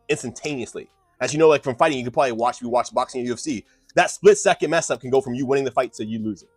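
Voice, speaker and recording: On a live stream, a man argues with his chat in a lecturing, combative tone, lurching from loud outbursts to muttered asides. His voice is medium in pitch, and the recording has no echo.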